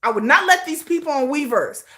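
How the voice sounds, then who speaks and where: A woman's voice: high-pitched, lively intonation, brisk, pushed and bright. A middle-aged woman from the United States hosting a livestream, ranting emphatically and profanely with lots of repetition. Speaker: livestream host. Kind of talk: casual livestream rant.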